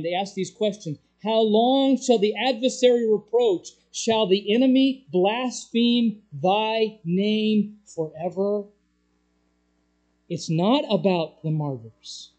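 A preacher delivering a sermon, swinging between loud urgent passages and hushed, low ones. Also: low-quality recording.

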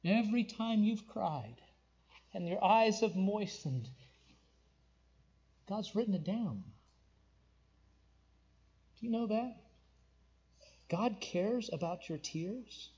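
High-voiced preacher, soaring then hushed. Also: male voice, animated, slow, long pauses, husky. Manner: swings from soaring emphatic declarations to hushed tender passages. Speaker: pastor. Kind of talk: sermon. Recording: dull lo-fi recording.

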